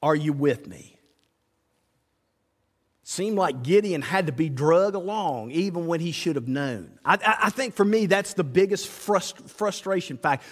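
Folksy preacher, lively high voice. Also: male voice, unhurried. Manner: folksy, acts out dialogue with God in lively voices. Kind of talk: sermon. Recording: reverberant hall.

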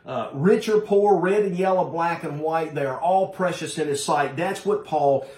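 A man's voice: on the high side, moderate pace, a little mellow, echoey room. A man preaching a sermon to his congregation, emphatic and direct, calling his listeners folks. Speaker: pastor.

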